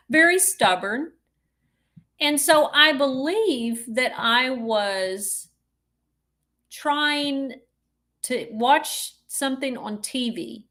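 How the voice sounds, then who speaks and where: A woman's voice: a little high, a bit bright. A woman co-hosting a podcast, telling a story in a casual way and laughing often as she goes. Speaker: podcast co-host.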